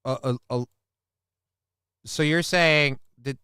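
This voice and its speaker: A man's voice: on the high side, slow, pushed and bright, clean tone, dry recording, clean studio sound. A man hosting a live talk stream, reacting to clips and reading out chat comments in a loose, profane way. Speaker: livestream talk show host.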